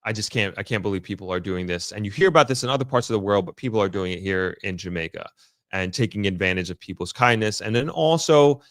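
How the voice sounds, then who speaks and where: A man's voice: fairly low pitch, animated, quick pace, a bit bright, no room sound, studio quality. A man giving a casual, unscripted update to his viewers, often stopping and restarting as he picks his words with care. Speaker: vlogger giving an on-the-ground update. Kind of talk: casual unscripted talk to camera. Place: in the area the update is about.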